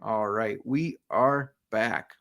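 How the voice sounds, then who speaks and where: A man's voice: lowish voice, a bit bright, dry recording. A man co-hosting a casual football podcast, joking and teasing his co-host and reading sponsor ads. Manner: joking, teasing, quick reads. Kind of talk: casual sports chat with ad reads.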